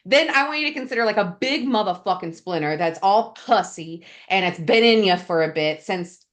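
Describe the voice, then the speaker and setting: A woman's voice: mid-range voice, animated, moderate pace, fairly bright tone. Slangy, enthusiastic woman podcast host. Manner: enthusiastic, slangy, swears freely. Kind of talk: casual chat.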